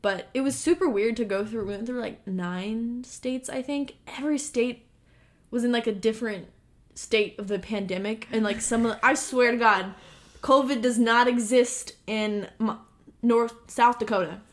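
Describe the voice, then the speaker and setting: Young female podcast co-host, a little high-pitched, chatty and animated storyteller. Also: moderate pace. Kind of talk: casual chat.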